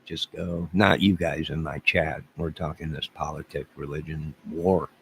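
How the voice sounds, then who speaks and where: Low gravelly man around fifty ranting. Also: fairly even intonation, a little slow, a bit bright, slight background noise. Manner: rambling, exasperated, repeats phrases. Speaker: livestreamer talking to his chat. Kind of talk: rambling livestream rant.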